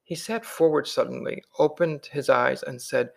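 Man, audiobook narrator, calm measured reading, slightly higher voice. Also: gravelly. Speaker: audiobook reader. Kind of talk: scripted narration.

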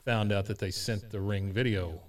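Deadpan man hosting, mic a bit distant. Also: lowish voice, moderate pace. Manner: dry, deadpan joking. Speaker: podcast host. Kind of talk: casual chat.

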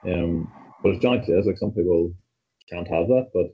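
A man co-hosting a casual football chat, with a husky voice and rambling, filler-filled talk. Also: deep voice, normal speed, slight background noise. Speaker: podcast co-host. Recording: muffled lo-fi mic.

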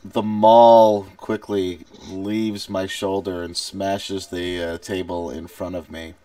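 A man speaking slowly and deliberately as a player in a tabletop game. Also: low voice, flat delivery, distant mic, very noisy.

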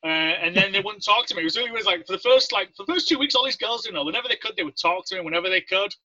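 Racing along in a high voice, this English-accented Navy veteran from Leeds tells stories as a guest in a casual interview, animatedly acting out the voices of the people he quotes. There's no room sound, and the recording is dry, dull, and lo-fi.

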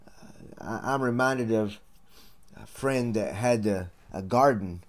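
A man's voice: lowish voice, slow pace. Earnest preacher man. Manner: earnest, folksy, addresses listeners as friends. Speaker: radio preacher and podcast host. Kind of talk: radio sermon.

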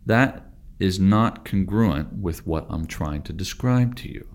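Deep-voiced calm Tai Chi teacher. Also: male voice, slight background noise. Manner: calm, deliberate, stretches words for emphasis. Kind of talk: spoken teaching monologue.

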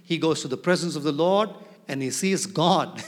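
A man preaching a sermon as pastor, animated and often asking his congregation questions. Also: on the high side, moderate pace. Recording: reverberant hall.

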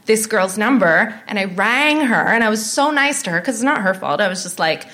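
Candid woman telling stories, middle pitch. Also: animated, brisk, fairly bright tone. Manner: candid, anecdotal storytelling. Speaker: comedian guest. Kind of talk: casual podcast chat.

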